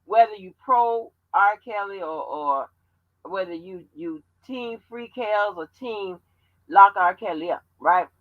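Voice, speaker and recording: A woman hosting a livestream, talking bluntly and profanely in animated commentary. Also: medium pitch, a little slow, no echo, narrow, tinny audio. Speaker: channel host.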